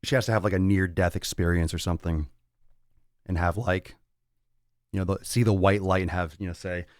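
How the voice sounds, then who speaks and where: A man's voice: deep voice, fairly even intonation, fairly quick, long pauses, clear, resonant tone, no echo, studio quality. Blunt, profane male fitness podcaster. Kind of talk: casual podcast rant.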